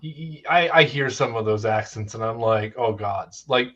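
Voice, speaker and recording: An American man in relaxed podcast talk, thoughtfully putting questions to his co-hosts. His voice comes through slightly dull and lo-fi, at a middle pitch. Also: normal speed. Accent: American English. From United States. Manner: thoughtful, poses questions to the others. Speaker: podcast co-host. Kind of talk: casual chat.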